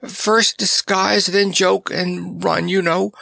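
Man doing a shrill frazzled clown. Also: level tone, slow pace, gravelly, sharp tone, no echo, full character voice. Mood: panicked. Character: frazzled male clown, battered and fussy.

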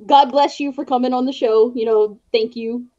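A woman's voice: fairly high pitch, fairly even intonation, moderate pace, dark tone, dull audio. A woman hosting a podcast over a video call, giggly and effusive. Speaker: podcast host. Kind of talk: casual video-call interview.

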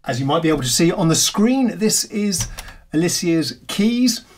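A man's voice: high-pitched, lively intonation, moderate pace. Chatty, self-mocking piano channel host, a man. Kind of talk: casual talk to camera about piano software.

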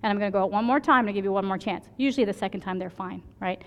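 A woman's voice: medium pitch, racing, long reverb tail, lo-fi sound. A woman emergency physician giving a conference lecture, telling stories from her work and often checking in with "right?". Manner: chatty, storytelling, keeps asking "right?".

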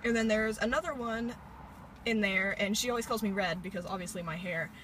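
In a casual, chatty vlog shot inside a parked car, a late-teen woman from Indiana holds her phone at arm's length and rambles bubbly, leaning on filler words. She speaks briskly in a mid-range voice with a fairly bright tone, over a faint hiss or hum.

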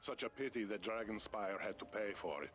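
An actor playing a grave male game character, with a solemn, measured delivery. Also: on the low side, animated, over music, natural voice.

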